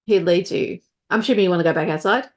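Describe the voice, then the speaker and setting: A woman running a tabletop role-playing game as game master, narrating scenes in a relaxed, conversational way. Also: fairly low pitch, fast.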